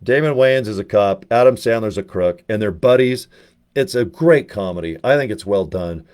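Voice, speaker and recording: A man with a fairly low voice talks straight to his viewers in a loose, rambling way. He jumps from one anecdote to the next with animated energy, now and then speeding up or dropping his voice to a mutter. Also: normal speed. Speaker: network marketer. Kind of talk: casual storytelling to camera.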